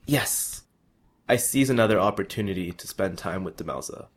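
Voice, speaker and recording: A man's voice: sits low, expressive, moderate pace, slightly rough. A young man reading a personal travel story aloud, earnest, sometimes restarting a word.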